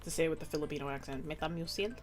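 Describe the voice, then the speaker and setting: A young woman streamer chats while she works on art, rambling and giggling as she talks. Her voice swings widely in pitch and has a bright, forceful edge. Soft music plays faintly behind her. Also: lively intonation, brisk. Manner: giggly, rambling, frequent laughter. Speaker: streamer and artist. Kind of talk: casual chat while drawing. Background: faint background music.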